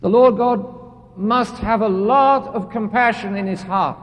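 A high-voiced preacher delivers an earnest sermon at a measured pace, repeating phrases for emphasis. A long, church-like reverb makes his words ring out.

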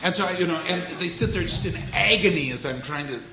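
A man's voice: high voice, fast. A man lecturing on literature, telling a classroom story and acting out his students. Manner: animated storyteller, acts out students. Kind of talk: lecture with anecdote. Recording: echoey lecture hall, dull noisy audio.

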